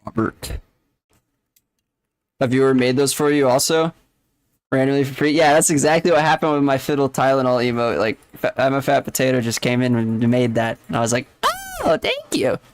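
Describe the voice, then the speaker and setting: A man's voice: mid-range voice, steady tone, brisk, no room sound. A man streaming a game, chatting casually and rambling along to his viewers. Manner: rambling, chatty, talks to chat. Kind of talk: casual live-stream chat.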